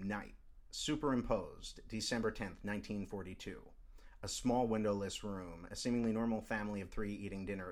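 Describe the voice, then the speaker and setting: A man teaching screenwriting, talking through a script in a loose, stop-start way with fillers. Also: fairly low pitch. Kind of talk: script analysis lecture.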